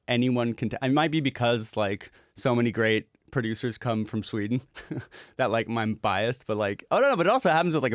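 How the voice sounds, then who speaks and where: A man's voice: mid-range voice, no echo, clean studio sound. A man casually walking through a song's production session as a music producer, chatty and rambling and swearing now and then.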